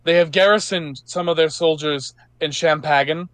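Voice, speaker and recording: A man's voice: on the high side, steady tone, moderate pace, fairly bright tone, clear, resonant tone, no echo, pitched above the performer's own voice, close to an everyday voice. A man voicing a young woman knight giving a rousing speech to a crowd. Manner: rousing speech, raised proclaiming voice. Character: young woman knight rallying the people, defiant.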